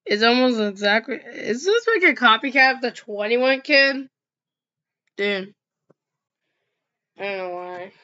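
A woman's voice: a little high, lively intonation, sharp tone. A woman reacting to funny clips in casual, rambling commentary with many restarts. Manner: rambling, halting, frequent restarts. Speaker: reaction video host. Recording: dull lo-fi recording.

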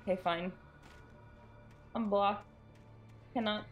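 A woman live-streams a game at a desk microphone, chatting with viewers in a medium-pitched, slow voice. She reacts in jumpy, animated bursts of shrieks and laughter. The audio is narrow and tinny, with faint music behind.

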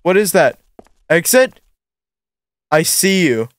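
A man's voice: fairly high pitch, sing-song, slow pace. A young man giving nervous, jumpy let's-play commentary on a horror game, talking to himself as he plays. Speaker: gaming YouTuber.

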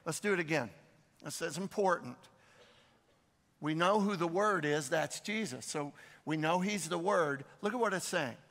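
Bright-voiced male pastor in a reverberant church. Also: on the high side, moderate pace. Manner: conversational, repeats phrases, prompts the congregation with questions. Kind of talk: sermon. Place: church sanctuary. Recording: long reverb of a large church hall.

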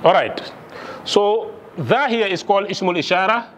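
A man's voice: high-pitched, expressive, normal speed, fairly bright tone, a little hiss or hum. Man teaching, quizzing with "okay?". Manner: quizzing students with frequent "okay?" checks. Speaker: Arabic lecturer. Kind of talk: classroom lesson.

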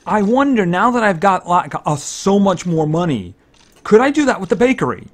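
A man giving casual gameplay commentary, thinking aloud, excitable and fretting over each purchase. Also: high voice, normal speed. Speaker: let's-play commentator.

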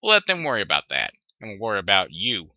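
A man's voice: fairly low pitch, wildly swooping pitch, quick pace, no echo. A man reading aloud, voicing a plainspoken, folksy farm pony mare, recorded dry and dull. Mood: assuring. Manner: folksy, assuring.

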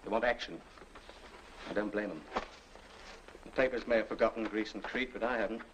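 An actor playing a dutiful middle-aged army sergeant with an English accent, talking in clipped, respectful lines in a 1940s film. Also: male voice, lowish voice, fairly even intonation, brisk, background noise, lightly acted. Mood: earnest.

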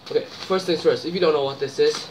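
A man's voice: a little high, fast. Young guy vlogging, slangy and goofy, talks to the camera, bit of noise behind. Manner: slangy, exclaiming, hushed and breathy while eating, loud and playful when reviewing. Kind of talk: casual vlog chat.

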